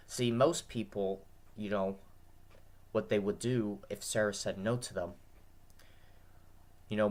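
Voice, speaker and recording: A tired man with a dry throat, talking to his viewers in an earnest, repetitive, rambling monologue. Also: mid-range voice. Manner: repetitive, earnest, restarts often. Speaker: vlogger.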